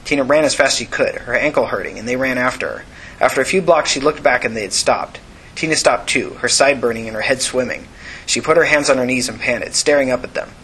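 A male narrator reading a novel aloud at an even, steady pace. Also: mid-range voice, fast talker, a little hiss or hum, low-quality recording. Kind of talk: audiobook narration.

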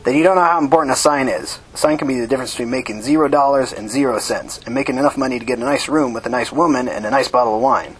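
A man voicing a tall, commanding homeless leader who talks bluntly and swears, in a husky voice, louder and higher than his own. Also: racing, few pauses, lightly acted, low-quality recording. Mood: insistent.

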